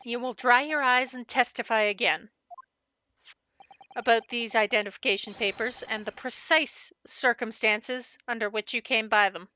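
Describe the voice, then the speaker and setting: A woman voicing an earnest young male defense lawyer who reasons deliberately. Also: a little high, fairly even intonation, sharp tone, slight background noise, rough recording.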